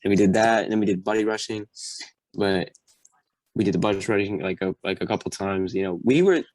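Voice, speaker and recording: A young man telling a story as a podcast guest, animated and acting out the voices of people in his story. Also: on the low side, fairly quick, dry recording. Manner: animated, acts out quotes. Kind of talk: casual storytelling.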